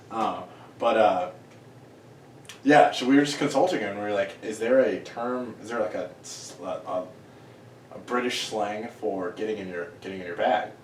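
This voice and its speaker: A man's voice: on the low side, moderate pace. A young man co-hosting a podcast, chatting casually with friends and laughing often. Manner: laughing, loose, jokey banter. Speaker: podcast co-host. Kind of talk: casual chat among friends. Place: room in a shared house. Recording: echoey room, mic at a distance, faint hiss.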